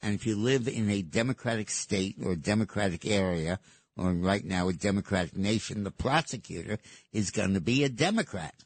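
Low husky-voiced male talk radio host. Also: expressive, fairly quick, no room sound. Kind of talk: political talk radio commentary.

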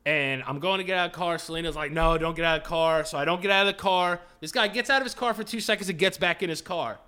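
A man with a bright, slightly high voice tells a story on a casual podcast. He swears freely, acts out the other people in it and laughs at his own telling. His tone stays loose and lively. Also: fast talker, clear, resonant tone. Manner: animated, profane, laughing storyteller. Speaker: podcast host.

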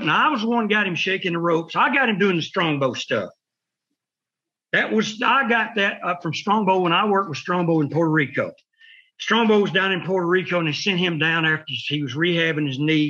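A man's voice: fairly high pitch, pushed and bright, dull audio. A man telling rambling stories in casual chat, acting out voices and sound effects. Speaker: wrestling podcast host telling stories.

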